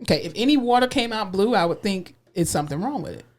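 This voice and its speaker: A young woman co-hosts a casual podcast, talking with emphatic conviction and frequent laughter. Her pitch swoops and leaps through every phrase. She sounds like she is chatting with a friend. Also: fast talker, slight background noise. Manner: animated, emphatic, laughs often. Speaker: podcast co-host. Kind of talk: casual chat.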